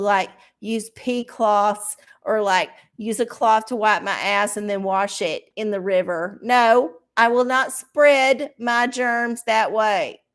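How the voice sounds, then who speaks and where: A woman's voice: medium pitch, fairly bright tone. A woman hosting a casual livestream, rambling bluntly with plenty of swearing and self-mockery. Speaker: livestream host doing oracle readings.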